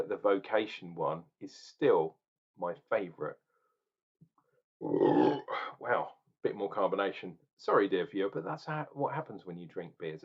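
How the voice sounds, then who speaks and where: A man's voice: deep voice, muffled recording. A man rambling casually through a beer tasting vlog, chatting straight to the viewer between sips. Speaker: beer reviewer.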